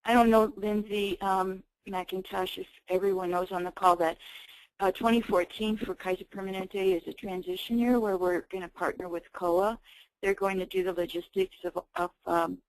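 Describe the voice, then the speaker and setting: A woman on a conference call, speaking in a measured, halting way. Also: medium pitch, fairly even intonation, dry recording, rough recording.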